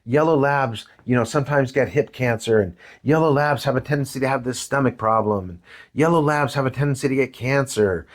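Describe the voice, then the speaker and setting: A man teaching a parenting course, talking conversationally and acting out a story with quoted voices. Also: mid-range voice. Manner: conversational, tags lines with "right?" and "man"; animated, acts out voices in anecdotes. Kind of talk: lecture with storytelling.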